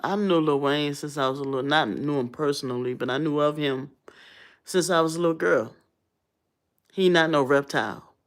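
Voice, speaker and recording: A woman's voice: low-pitched, normal speed. Blunt, talkative woman vlogger in her thirties. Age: 30s. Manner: blunt, conversational, animated when telling stories. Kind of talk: casual storytelling rant.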